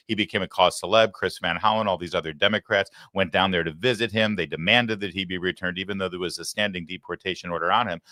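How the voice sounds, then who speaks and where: Male talk host, mocking commentary, bright forceful voice. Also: fairly low pitch, no echo, clean studio sound. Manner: sarcastic, mocking asides. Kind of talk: live political commentary show.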